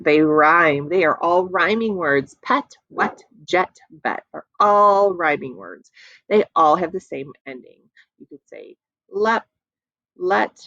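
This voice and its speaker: A woman teaching young children an early reading lesson, slowly sounding out letters with playful asides. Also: fairly low pitch, fairly bright tone, no room sound, muffled recording.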